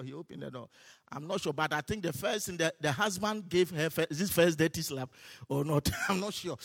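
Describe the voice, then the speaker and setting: A man preaching a sermon, telling stories with laughs and shouting his declarations. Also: a little high. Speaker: pastor. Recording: hall reverb.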